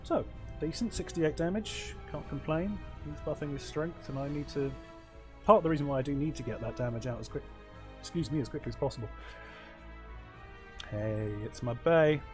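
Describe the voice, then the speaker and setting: A man's voice: fairly high pitch, brisk. Wry man thinking aloud over a card game. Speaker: let's play host. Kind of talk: casual gameplay commentary. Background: faint game music.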